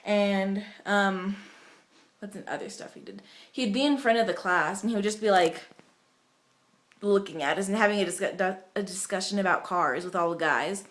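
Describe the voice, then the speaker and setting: A woman's voice: mid-range voice, normal speed. Chatty young woman vlogging at home. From United States. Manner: chatty, rambling, many fillers. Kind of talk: casual vlog storytelling.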